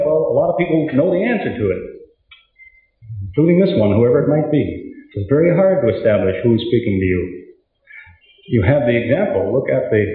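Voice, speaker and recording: A man giving a conversational religious lecture, telling stories and acting out both sides of the conversations. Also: a little high. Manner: storytelling, acts out both sides of dialogues. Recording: tinny, very echoey hall recording.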